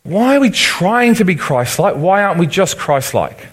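A man's voice: high-pitched, big pitch swings, moderate pace, husky. Liverpudlian man preaching to his congregation. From Liverpool, England. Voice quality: conversational, asks the room for agreement. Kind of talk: sermon teaching.

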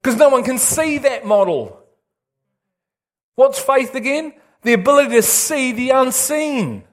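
Excitable high-voiced male preacher. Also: a little slow. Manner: excitable, animated preaching with big swings in pitch. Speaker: pastor. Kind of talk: sermon.

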